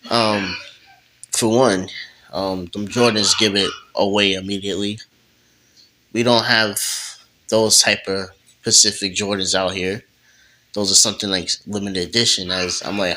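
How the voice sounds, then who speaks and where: Slangy low-voiced man acting out dialogue. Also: measured pace, rough recording. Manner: slangy, animated, acts out dialogue. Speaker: co-storyteller. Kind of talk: casual improvised role-play storytelling.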